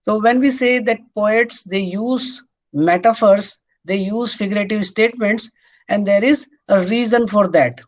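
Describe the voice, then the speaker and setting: A man's voice: sits high, rough recording. Patient male lecturer. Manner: patient, explanatory, repeats points with many "uh" fillers. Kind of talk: recorded classroom lecture.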